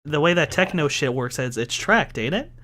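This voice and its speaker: A man narrates as game master, casual and loose, swearing freely and breaking into laughs. His voice sits a bit high for a man, and there is a faint hiss of noise underneath. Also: expressive, normal speed, pushed and bright.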